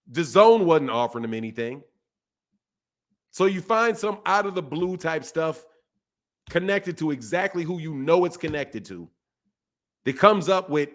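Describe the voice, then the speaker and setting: Blunt, animated man ranting about boxing. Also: fairly high pitch. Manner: blunt, animated, repeats himself for emphasis. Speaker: boxing channel host. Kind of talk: casual livestream commentary.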